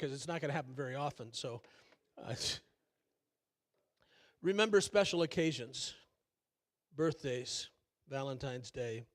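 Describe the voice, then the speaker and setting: An older man preaching a sermon as pastor, folksy and conversational, with many fillers and self-deprecating asides. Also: mid-range voice. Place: church sanctuary.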